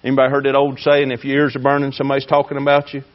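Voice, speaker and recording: A man preaching a fiery sermon, swinging between shouting and hushed tones. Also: mid-range voice, completely flat delivery, very fast, highs cut off. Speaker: pastor.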